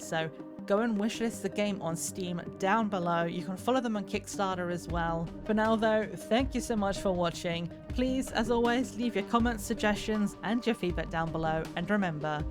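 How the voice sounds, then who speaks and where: A young woman streaming a game, gushing and excitable, swearing casually as she reacts. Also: mid-range voice, normal speed, music in the background. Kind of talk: let's play commentary.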